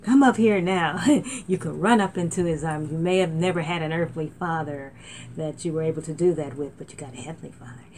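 A middle-aged woman preaching a sermon as a minister, talking loosely with fillers and restarts and rising to excited exclaims. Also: sits low, a little fast, slight background noise. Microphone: laptop.

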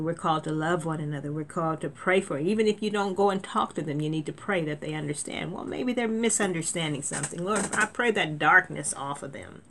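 A woman's voice: deep voice, fairly bright tone, slight background noise. A woman preaching an informal sermon, conversational and emphatic, with frequent laughs and restarts.

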